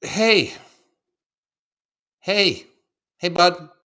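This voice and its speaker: His voice is high and sharp with lively intonation, delivered very slowly: a man in his thirties co-hosting a podcast. He rambles in casual talk, swears a lot, and acts out quoted voices.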